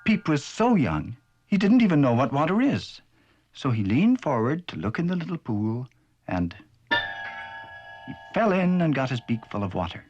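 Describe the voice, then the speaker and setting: A man narrating a children's cartoon story in a playful, animated storytelling way. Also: mid-range voice, a little slow, highs cut off, soft background music.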